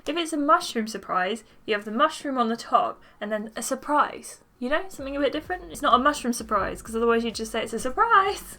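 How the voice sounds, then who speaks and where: A woman's voice: on the high side, expressive, fairly quick, pushed and bright. A woman hosting a gaming channel, reading a story game aloud and making chatty, playful asides.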